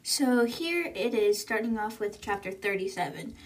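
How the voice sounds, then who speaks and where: A woman's voice: mid-range voice, animated, moderate pace. A woman hosting a book podcast, recapping chapters in a casual, chatty way with lots of "like" and "kind of".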